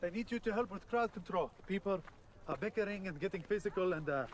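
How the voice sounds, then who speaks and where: A man's voice: high voice, lively intonation, fast, a little hiss or hum, pitched above the performer's own voice. An actor playing a tired young male disciple in a series clip, speaking with a Hebrew-style accent in a dry, complaining manner. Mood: weary. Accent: Hebrew-style stage accent.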